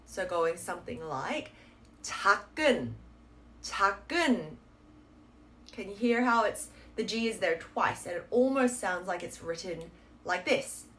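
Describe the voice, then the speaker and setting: A woman teaching a pronunciation lesson, explaining patiently and sounding out model words slowly and clearly. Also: on the low side. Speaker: Korean language teacher.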